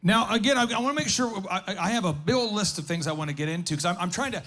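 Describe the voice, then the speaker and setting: A man's voice: high-pitched, lively intonation, fast, a bit bright. A man hosting a live business workshop, telling stories in a chatty way with stumbling restarts. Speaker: host and business coach.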